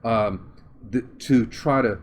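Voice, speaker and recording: A man with a Southern accent from Oklahoma, giving an interview and thinking aloud with many pauses and restarts. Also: medium pitch. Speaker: interview guest. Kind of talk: conversational interview.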